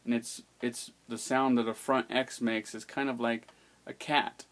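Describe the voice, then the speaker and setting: Man, language teacher; slow and patient, sounds things out one by one. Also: mid-range voice, little pitch movement, a bit bright. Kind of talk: explaining an alphabet's pronunciation.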